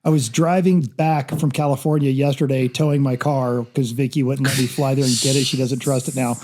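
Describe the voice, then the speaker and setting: A man's voice: medium pitch, steady tone, brisk, darkish tone. A man co-hosting a podcast in casual chat, blunt and opinionated. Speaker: podcast co-host.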